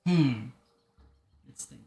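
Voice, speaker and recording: A man's voice: takes it slowly, mellow, roomy sound. A man chatting casually and jokingly while playing a video game on stream. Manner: chatty, jokey, self-mocking. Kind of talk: casual gameplay commentary.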